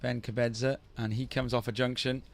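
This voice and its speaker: A man's voice: mid-range voice, little pitch movement, a little fast, creaky. Chatty man commentating a surf contest. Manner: chatty, teasing, self-deprecating. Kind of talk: live sports commentary with banter.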